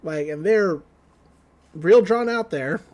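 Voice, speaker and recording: A man's voice: sits high, lively intonation, slow pace, a little mellow. A man co-hosting a podcast, casually retelling an anime episode and paraphrasing the characters' lines. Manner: retells scenes, quoting characters in loose paraphrase. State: just woke up. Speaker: podcast co-host. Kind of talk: casual anime recap chat.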